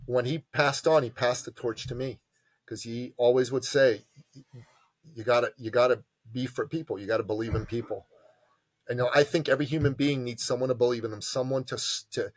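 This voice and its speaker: Passionate man telling animated stories. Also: medium pitch, dry recording. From immigrant to Canada from a tyrannical country. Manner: passionate, emphatic, acts out quotes. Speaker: podcast guest, entrepreneur advisor. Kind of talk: animated storytelling interview.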